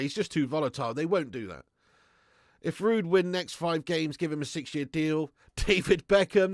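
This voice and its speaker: A man with a slightly raised voice hosts a casual football livestream and reads viewer comments aloud. He is chatty and laughs often, jumping from loud shout-outs down to low, muttered asides. The sound is close and dry, with no room around it. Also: dry recording. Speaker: football channel host on livestream. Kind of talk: casual live-stream chat reading comments.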